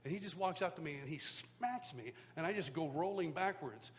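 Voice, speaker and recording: His pitch is on the high side with lively intonation, and he talks at a normal speed. The man, an American worship teacher, recounts a personal testimony at a live event in a large hall, storytelling casually with many restarts. Expect long hall reverb and a slight hum.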